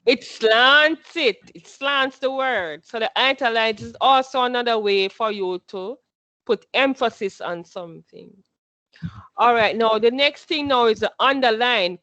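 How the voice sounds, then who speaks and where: A woman's voice: a little high, a bit bright, dry recording, dull audio. A woman teaching a class, patient, who repeats her instructions and quizzes her students as she goes.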